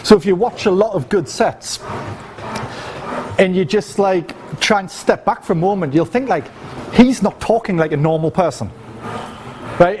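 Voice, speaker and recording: A man's voice: high-pitched, darkish tone, a little hiss or hum. A man teaching a casual, profane seminar to a live audience, peppering his talk with "right?" and demonstrating as he speaks. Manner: loose, chatty and profane, with frequent "right?" tags and physical demonstrations. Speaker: dating coach teaching a seminar.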